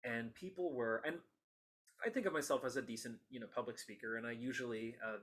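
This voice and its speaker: An enthusiastic man hosts a relaxed interview, chatting freely and laughing along with his guest. His voice sits at an ordinary middle pitch, and he speaks in long, meandering thoughts. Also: brisk. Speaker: podcast host. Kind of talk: casual interview conversation.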